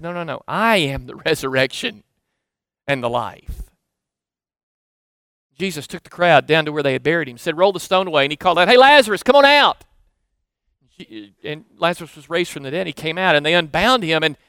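A Southern American man in middle age delivers a sermon with a high voice. He talks to the congregation like a neighbor, stacking up emphatic phrases and then falling to soft, hushed remarks. The recording is close and dry. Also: dry recording. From Southern United States. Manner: conversational preaching, rising to emphatic lists, dropping to hushed asides. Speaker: pastor.

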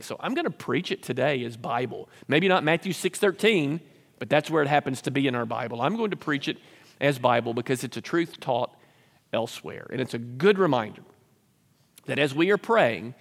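A pastor preaching an earnest sermon, sometimes acting out selfish prayers in a raised voice. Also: male voice, medium pitch, gravelly, long reverb tail.

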